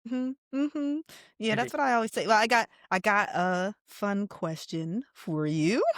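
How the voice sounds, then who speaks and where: A woman's voice: mid-range voice, takes it slowly, no echo. A woman with a mid-range voice chats casually as a podcast co-host. She is easygoing and laughs often between her thoughts. The sound is close and dry. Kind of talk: casual chat.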